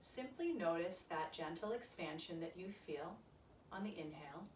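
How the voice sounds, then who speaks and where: A woman leading a yoga class, giving calm, soft-spoken cues through breathing and stretches. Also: lowish voice, normal speed, slight background noise. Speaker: yoga instructor. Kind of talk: guided yoga class instruction. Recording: echoey room, voice from a distance.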